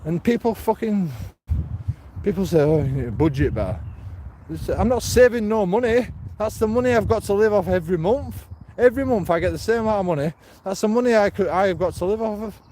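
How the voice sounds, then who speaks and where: A streamer with a high-pitched, darkish voice talks while walking outdoors in a casual vlog, with slight background noise. He's blunt and rambling, swearing a lot.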